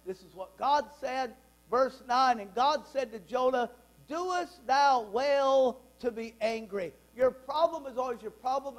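A pastor delivers a sermon in a church sanctuary, his male voice sitting unusually high. He preaches with emphasis, reads scripture aloud and throws questions out to the congregation. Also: low-quality recording.

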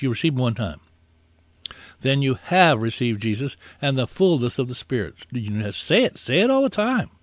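A man's voice: mid-range voice, sing-song, normal speed. A man preaching with earnest, repetitive urging, leading listeners through spoken prayers. The recording is dull and lo-fi, with a dry, close sound and no room echo. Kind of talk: sermon.

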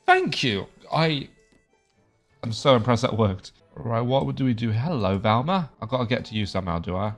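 A man's voice: mid-range voice, expressive, moderate pace, faint music behind. A young man casually commentating his video game play, joking and reading the game's dialogue aloud. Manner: chatty, jokey, reads game dialogue aloud. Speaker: gaming video creator.

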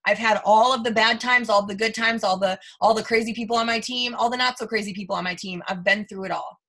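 Woman in her thirties, bright forceful voice, emphatic, repeats herself, motivational team talk. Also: a little high, fairly even intonation, fast talker. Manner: emphatic, repeats phrases, says "you guys" often. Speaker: team leader. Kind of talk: motivational live stream.

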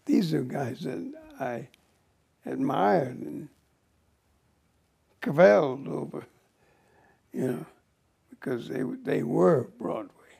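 An older American man, an actor, telling stories from his career in an interview with a slow, halting, husky delivery. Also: on the high side, very animated, a little mellow. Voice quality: gravelly, husky. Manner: slow, halting, breathy at times. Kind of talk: reflective storytelling.

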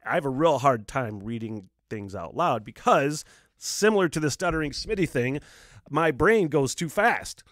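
A man talks alone into a close mic, hosting his podcast in a loose, rambling way. He swears freely and chuckles between thoughts. His fairly high voice swings up and down a lot, and the sound is dry and close. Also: animated, moderate pace, fairly bright tone, dry recording. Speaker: podcast host. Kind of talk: casual solo podcast chat.

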